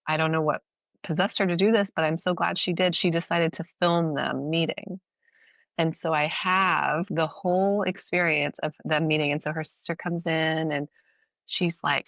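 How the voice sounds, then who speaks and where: A woman in her thirties, a mother and midwife, telling a personal story in an interview in a soft, halting, reflective way. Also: low-pitched, no room sound, dull audio.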